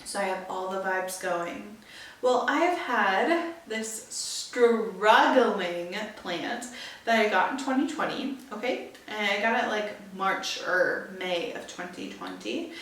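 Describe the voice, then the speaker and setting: A young woman hosts a podcast and chats casually, telling animated stories full of filler words. Her voice is mid-pitched. It sounds distant and echoey, as if she is set back from the mic in a hard room. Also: takes it slowly. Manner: chatty, animated storytelling with frequent "like" and "okay?". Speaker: podcast host. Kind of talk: casual solo chat.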